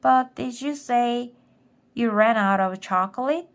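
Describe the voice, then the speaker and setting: A clever young boy from a storybook, polite and eager as he talks his way out of trouble, as a woman reading aloud puts him on. His voice sits a little higher than the narration, and he speaks slowly and carefully. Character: quick-thinking young boy shrunk to ant size.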